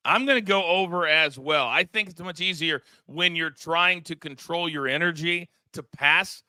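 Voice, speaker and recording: Bright-voiced energetic male sports host. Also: on the high side, normal speed, no echo. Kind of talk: sports betting show chat.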